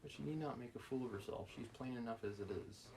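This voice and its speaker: A man's voice: medium pitch, fast, creaky, dark tone, a little hiss or hum, close to an everyday voice, low-quality recording. A man reading the part of a stern, domineering old prince, brusque and scolding.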